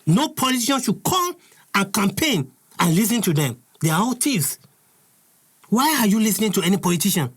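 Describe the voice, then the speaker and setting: Nigerian man, angry preaching host, raspy, somewhat high-pitched. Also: very animated, brisk. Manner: furious, preaching, repeats his points. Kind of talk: impassioned commentary.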